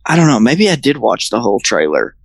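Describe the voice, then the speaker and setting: A man co-hosting a casual podcast chat, animated and quick to act out quotes in silly voices. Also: medium pitch, creaky, dry recording, poor audio. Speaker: podcast co-host.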